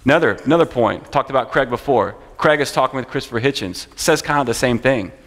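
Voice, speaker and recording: A man's voice: mid-range voice, expressive, fast talker, a bit bright. A man teaching a church class, speaking in an earnest, conversational way and often repeating phrases. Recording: long church hall reverb.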